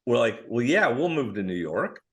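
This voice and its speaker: A middle-aged man, a screenwriter guest on a podcast, telling casual, animated stories and acting out other people's lines. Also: mid-range voice, moderate pace.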